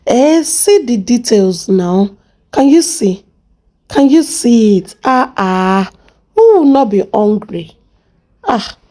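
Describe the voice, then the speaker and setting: A woman's voice: medium pitch, dark tone. A Nigerian woman hosting a casual cooking vlog, playful and chatty, talking to her viewers and to the pot as she cooks. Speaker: cooking channel host.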